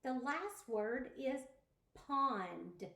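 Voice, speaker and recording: A woman teaching pre-K children, speaking slowly and encouragingly as she sounds out words. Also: sits high, expressive, gravelly, sharp tone, echoey room. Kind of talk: slow, expressive lesson for young children.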